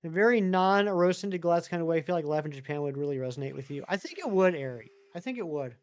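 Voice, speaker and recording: Male streamer, casual chat with viewers, rambling, slightly higher voice. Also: expressive, quick pace, clean tone, muffled recording. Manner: rambling, many fillers and restarts. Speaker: live streamer.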